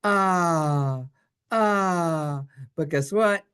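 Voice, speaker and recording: A teacher in a synagogue classroom walks a class through Hebrew vowel sounds at an unhurried pace. The delivery is playful and sing-song, with the letter sounds acted out as little characters. The pitch sits in the middle range. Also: a bit bright, clear, resonant tone. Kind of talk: classroom reading lesson.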